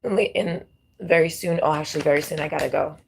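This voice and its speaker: Tarot lady rambling on, lotta "like"s, kinda low voice. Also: quick pace, vocal fry, slight background noise. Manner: rambling, repetitive, heavy on fillers. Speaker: tarot reader. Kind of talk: casual tarot reading chat.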